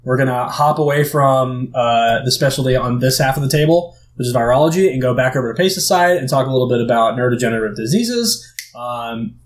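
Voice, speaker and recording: A man's voice: medium pitch, brisk. A man co-hosting a podcast in casual, joking chat and plugging the show. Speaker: podcast co-host.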